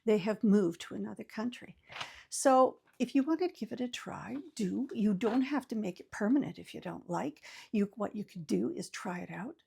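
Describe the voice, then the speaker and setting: Chatty older woman with a gravelly voice. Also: mid-range voice, lively intonation, normal speed, mellow. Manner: chatty, folksy, many fillers and restarts. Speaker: channel host. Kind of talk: casual advice talk to camera.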